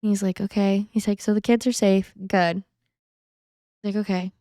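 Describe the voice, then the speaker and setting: A woman's voice: mid-range voice, moderate pace, no room sound, clean studio sound. A young woman, a podcast guest, telling her own story candidly and acting out what people said, often laughing. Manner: animated, acts out quotes with laughter.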